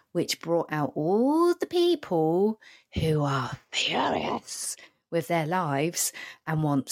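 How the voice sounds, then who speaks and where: A woman's voice: lowish voice, darkish tone. A woman hosting a casual solo podcast, telling wry, sweary anecdotes and acting out the quotes. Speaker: podcast host.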